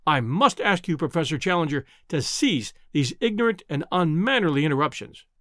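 A man doing a stern, sharp-tongued lecturer. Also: fairly high pitch, lively intonation, brisk, no echo, studio quality. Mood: indignant. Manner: crisp, lecturing, indignant.

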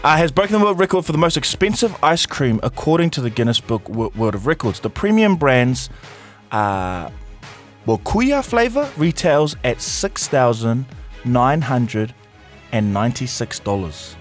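A New man co-hosting a morning radio show in casual banter. His pitch swings widely as he talks, animated and chatty, with faint music behind him. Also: normal speed. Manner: animated, hypes up the audience. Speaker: radio host. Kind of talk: casual breakfast show chat.

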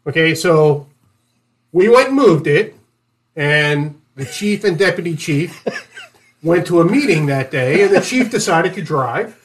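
A man, a former police officer, recounting a prank in halting casual chat, repeating words and chuckling. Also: on the high side, expressive.

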